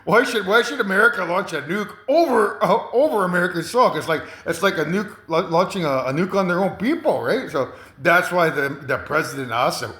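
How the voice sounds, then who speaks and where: Rambling man, bright lively voice. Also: on the high side, moderate pace. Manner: hesitant, many fillers and repeats, chuckling. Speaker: commentator. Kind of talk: rambling monologue. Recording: roomy echo.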